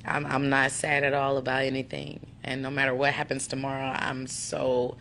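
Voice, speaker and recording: A young woman thanking her fans in a tearful, halting way, with restarts and soft laughs. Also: very deep voice, level tone, a little hiss or hum. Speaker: singing contestant addressing fans. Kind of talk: emotional thank-you video to fans.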